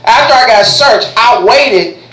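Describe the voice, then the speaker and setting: A man performing a stand-up comedy set, telling a story with deadpan asides on a club stage. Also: very high voice, measured pace. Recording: echoey club room.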